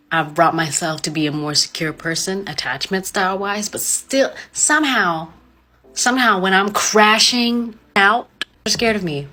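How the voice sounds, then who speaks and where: A woman's voice: low voice, a bit bright. A woman in her twenties speaking reflectively and vulnerably in a confessional video monologue. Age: 20s.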